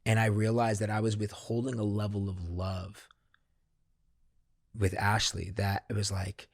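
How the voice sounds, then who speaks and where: A man, a podcast guest, candidly recounting a personal experience in casual, profanity-laced talk that grows animated when he quotes himself. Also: fairly low pitch, a little slow, no echo, studio quality. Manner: swears freely, animated when quoting himself. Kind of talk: candid conversational storytelling.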